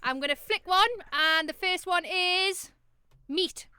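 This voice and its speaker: A woman's voice: extremely high pitch, slow pace, bright, forceful tone. A woman with a Sunderland accent co-hosting a podcast in a playful, teasing casual chat. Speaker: podcast co-host.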